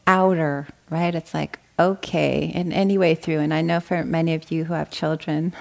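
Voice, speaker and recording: Woman, meditation teacher, dharma talk, gentle, slightly low voice. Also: fairly even intonation, normal speed, gravelly. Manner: gentle, warm, often asks "right?".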